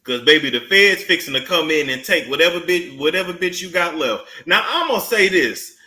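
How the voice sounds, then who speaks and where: A man's voice: a little high, lively intonation, brisk, bright, forceful tone. Sassy man in an echoey room. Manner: sassy, mocking, drawling asides. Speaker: commentary channel host. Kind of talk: celebrity gossip commentary.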